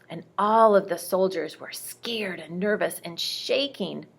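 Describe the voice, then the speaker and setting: Woman telling bedtime bible stories to a child, slow and gravelly, gentle. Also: fairly low pitch. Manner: gentle, speaks directly to a child. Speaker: storyteller reading to a child.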